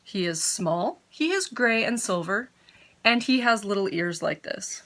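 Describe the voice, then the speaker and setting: Bright-voiced chatty woman at home. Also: mid-range voice, animated, unhurried. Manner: chatty, grateful, easily sidetracked; talks with her mouth full. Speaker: knitting podcaster. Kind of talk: casual chat to camera.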